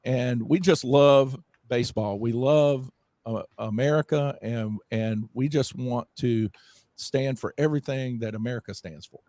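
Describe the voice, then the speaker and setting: A man's voice: mid-range voice, a little slow, dark tone, dry recording. A man, a festival organizer chatting enthusiastically as a guest, repeating phrases as he promotes. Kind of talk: casual interview chat.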